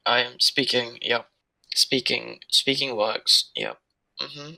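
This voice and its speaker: A man's voice: mid-range voice, unhurried, gravelly, sharp tone, low-quality recording. A young man co-hosting a podcast remotely, chatting casually and hesitantly, often trailing off. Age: young adult. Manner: laid-back, hesitant, trails off. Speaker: podcast co-host. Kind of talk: casual chat. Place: remote call from abroad.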